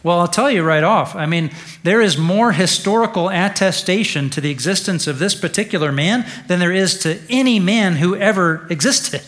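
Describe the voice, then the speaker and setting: A male pastor preaching an Easter sermon in a conversational way, dropping to a hush and then rising to stress a point. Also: sits high, normal speed. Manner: conversational preaching, swings from hushed to emphatic.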